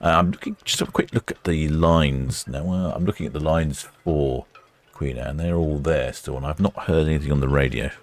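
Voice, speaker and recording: Very deep-voiced man, chatty. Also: normal speed. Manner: chatty, rambling, self-correcting. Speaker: live-stream host. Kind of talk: casual live commentary.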